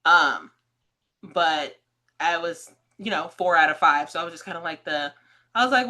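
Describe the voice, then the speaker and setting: This is a woman hosting a casual podcast interview, speaking. Her voice is bright and forward. She tells stories with plenty of energy, acting out the voices of people she quotes and laughing easily. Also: fairly low pitch, moderate pace. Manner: animated storyteller, acts out quoted voices, laughs often. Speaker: podcast host.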